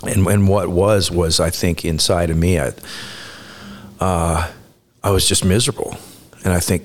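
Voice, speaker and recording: A man speaking as a guest, reflective and halting, with quick bursts between restarts. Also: deep voice, steady tone, darkish tone. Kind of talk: casual conversation.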